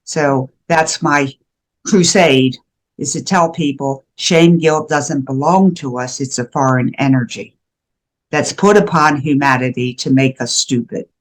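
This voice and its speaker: Speaking a little slowly in an extremely low voice, an older American woman is interviewed conversationally as a shame and guilt educator. Her delivery is earnest and emphatic, with many restarts.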